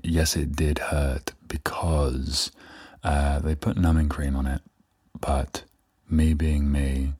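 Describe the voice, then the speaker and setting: A man's voice: very deep voice, a little mellow, breathy edge, no echo, clean studio sound. A young man hosting a solo podcast, rambling candidly and poking fun at himself. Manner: rambling, self-deprecating, candid. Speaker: podcast host. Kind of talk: casual solo podcast chat.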